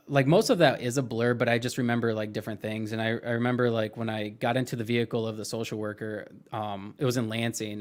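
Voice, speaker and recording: A young man guest on a podcast, recalling his past in a reflective, halting way with many fillers. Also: medium pitch. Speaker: interview guest. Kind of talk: casual podcast interview.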